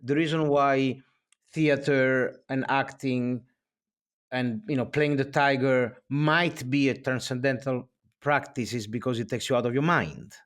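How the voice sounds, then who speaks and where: A man's voice: medium pitch, fairly even intonation, unhurried, fairly bright tone. A man hosting a podcast interview, stepping in with probing questions to clarify. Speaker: podcast host.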